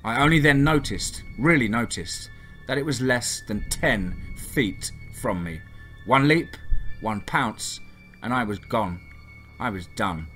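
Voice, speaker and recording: A man's voice: mid-range voice, expressive, takes it slowly, fairly bright tone, faint music behind. A man narrating a first-person horror story in a tense, dramatic reading.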